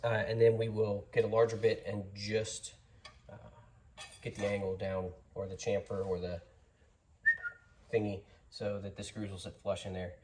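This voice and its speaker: A man with a fairly deep voice narrates a home-garage repair project in a relaxed, chatty way. He pokes fun at his own slip-ups as he goes. The recording is noisy, with workshop tool sounds plainly audible throughout. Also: moderate pace, long pauses. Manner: chatty and easygoing, jokes at his own mistakes. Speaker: DIY garage host. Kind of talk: casual workshop how-to narration.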